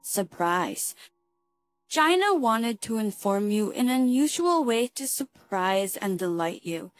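A woman voicing a calm, sarcastic betrayed husband in a spoken story. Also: mid-range voice, takes it slowly, no room sound, clean studio sound, faint music behind.

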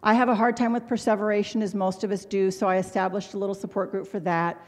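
A woman's voice: mid-range voice, little pitch movement. Candid middle-aged woman speaking in a ballroom. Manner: candid, earnest, quick asides. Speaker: symposium speaker. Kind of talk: motivational talk to an audience. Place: hotel ballroom. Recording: long reverb of a large ballroom.

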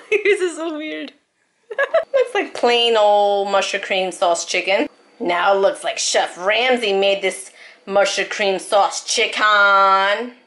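A young mother talks to her little ones at home for her family vlog. Her voice is bright and lifts and falls a lot, with a playful, doting manner and an unhurried pace. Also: mid-range voice, animated. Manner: playful, doting baby talk. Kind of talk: casual home vlog talk to her children.

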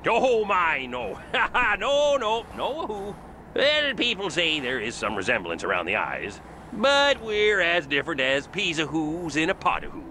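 A giggly, eager small-town coroner. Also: male voice, sits high, sing-song, measured pace, pushed and bright, slight background noise, full character voice. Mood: giddy. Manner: giggly, tacks "a who" onto words. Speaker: game character.

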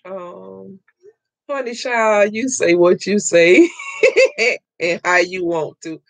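A woman hosting a live crafting stream from home, loud and excitable, chatting with viewers and laughing often. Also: mid-range voice, slow, gravelly, no echo. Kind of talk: casual live-stream chat, reading viewer comments.

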